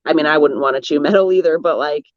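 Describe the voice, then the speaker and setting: A co-host in a casual chat, relaxed, giving practical household tips with frequent short agreements. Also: mid-range voice, quick pace, no echo, dull audio.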